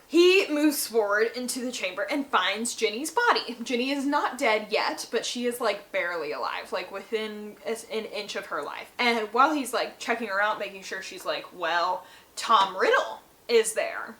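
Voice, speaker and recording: Woman host, casual book recap, chatty and rambling, bright voice. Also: mid-range voice, lively intonation, normal speed, rough recording. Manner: chatty, rambling, lots of fillers.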